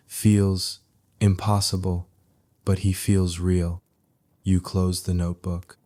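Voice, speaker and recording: A man narrating a soothing sleep story in a very deep, hushed voice. He speaks slowly, with barely any lift in pitch. His delivery stays soft and even.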